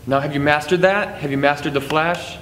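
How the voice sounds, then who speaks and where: A man's voice: fairly high pitch, fairly even intonation, a little fast, a bit bright. Man, juggling teacher, chatty and jokey, counts throws aloud, reverberant room with faint background noise. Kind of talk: casual tutorial to camera.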